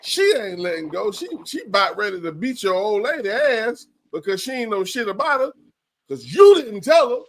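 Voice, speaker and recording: A man's voice: sits high, big pitch swings, normal speed. A man co-hosting a casual podcast, talking crudely with an emphatic drawl. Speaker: podcast co-host. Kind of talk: candid casual podcast chat.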